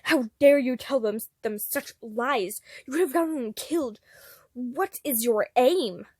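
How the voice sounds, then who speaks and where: A woman's voice: high voice, slightly rough, no echo, studio quality. A woman doing a stern, formal logical man. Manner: slow, loud, stern.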